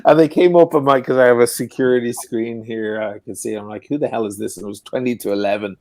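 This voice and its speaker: An Irish man chatting as a guest on a video call from his home, telling stories in an animated, profane ranting way. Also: mid-range voice, fast, no echo. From Ireland. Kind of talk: casual chat. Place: home in Venice.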